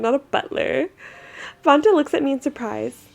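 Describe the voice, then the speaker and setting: A young woman reading an otome game aloud, reacting in an excitable, giggly way. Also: sits high, normal speed, creaky.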